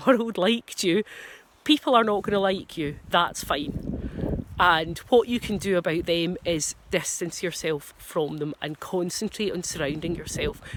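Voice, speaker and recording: A woman with a Scottish accent, a dog trainer, talking frankly and casually to camera with self-deprecating asides. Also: medium pitch. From Scotland. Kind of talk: casual advice talk to camera.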